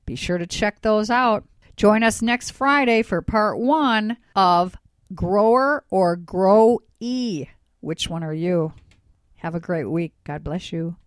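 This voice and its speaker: A woman's voice: mid-range voice, takes it slowly, no echo. Dry-sounding woman announcer. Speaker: podcast announcer. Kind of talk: scripted outro.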